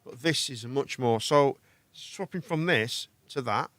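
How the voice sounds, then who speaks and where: A man hosting a live stream, chatting casually and thinking aloud as he sets up his streaming software, often trailing off mid-sentence. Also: mid-range voice, measured pace, no room sound. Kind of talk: casual chat while setting up stream software.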